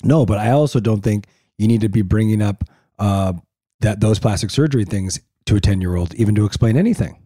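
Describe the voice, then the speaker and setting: A man's voice: fairly low pitch, brisk, warm tone, no room sound, studio quality. A middle-aged man co-hosting a podcast in casual chat, blunt and pressing his point. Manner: blunt, pushes his point, talks over her. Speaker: podcast co-host.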